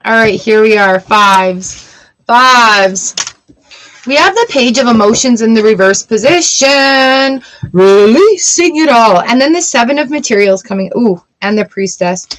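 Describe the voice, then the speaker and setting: A woman's voice: a little high, measured pace, fairly bright tone. A woman giving a casual live-stream tarot reading, chatty and blunt and swearing freely. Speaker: tarot reader.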